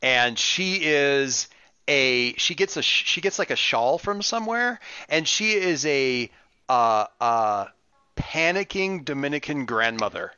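A man's voice: mid-range voice, animated, unhurried, pushed and bright, smooth, no room sound. A man narrating as game master of a tabletop game, rambling with many fillers and restarts, over an online voice call. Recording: muffled lo-fi voice chat.

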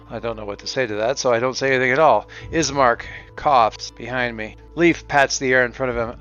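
A man's voice: medium pitch, fairly even intonation, a little fast, few pauses, a bit bright. A man narrating a solo tabletop role-playing game in a wry storytelling manner, on a dull recording with faint music.

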